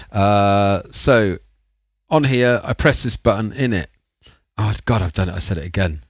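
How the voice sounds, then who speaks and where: A man's voice: fairly low pitch, unhurried, no room sound, studio quality. A man, rambling and chatting casually while making music on a livestream. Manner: rambling, chatty and self-mocking. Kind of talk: casual live-stream chat.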